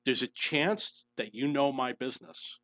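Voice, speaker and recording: An earnest middle-aged man speaks in a personal monologue, pressing each point and circling back to repeat it. His voice sits at an ordinary middle pitch. The recording is dry and close, with little room sound. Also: animated, measured pace, a bit bright, no echo. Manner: earnest, insistent, repeats himself for emphasis. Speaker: channel host telling his own story.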